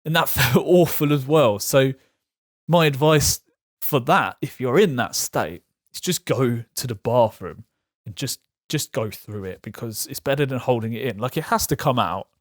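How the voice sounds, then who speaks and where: A man talking frankly to camera about his own experience, halting and self-correcting, with light laughs. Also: mid-range voice, expressive, no echo, studio quality. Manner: frank, halting, laughs through hard topics. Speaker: vlogger sharing patient experience. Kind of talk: candid personal talk to camera.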